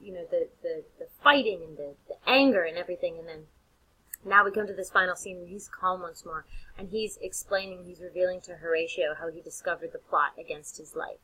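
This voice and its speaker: Bright, animated woman teacher lecturing. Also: lowish voice, brisk, slightly rough, low-quality recording. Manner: animated, slangy retelling with many fillers and restarts. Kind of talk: casual lecture.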